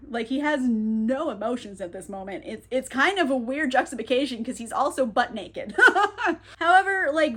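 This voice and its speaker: A woman casually recapping a novel for her channel, chatty and irreverent, with frequent laughter and filler words. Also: high-pitched. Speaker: book vlogger.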